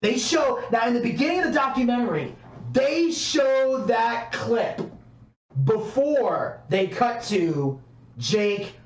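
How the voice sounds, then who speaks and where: Very high-pitched and gravelly, a podcast co-host takes his time telling a story with lively intonation, loaded with fillers and swearing in a casual way. The mic is distant and the room echoey.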